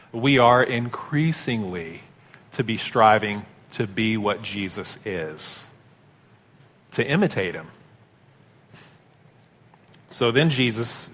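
A man delivers a sermon in a relaxed, conversational storytelling manner. His voice sits at an ordinary middle pitch. It is heard in a church with a long, ringing reverb. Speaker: pastor.

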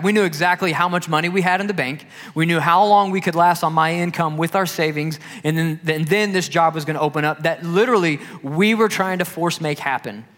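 A man pastor preaches in a relaxed, storytelling manner, slipping into other people's voices to act out what they say. His voice sits somewhat high for a man. A long hall reverb trails behind each phrase, as if in a church sanctuary. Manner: conversational storytelling, acts out quotes. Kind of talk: sermon.

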